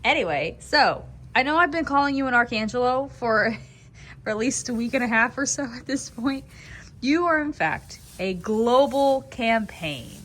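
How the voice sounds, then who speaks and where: A woman chatting casually on camera in a horse barn at night, rambling and laughing, cooing softly to the mares and foals. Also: fairly high pitch, expressive, normal speed. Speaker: foaling attendant filming her barn. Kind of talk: casual vlog chat.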